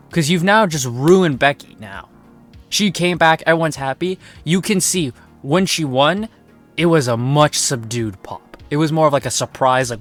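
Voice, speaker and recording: A man's voice: on the high side, moderate pace, a bit bright, soft background music. A young man giving a casual spoken review, sarcastic and exasperated, often swearing and complaining. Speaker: wrestling reviewer.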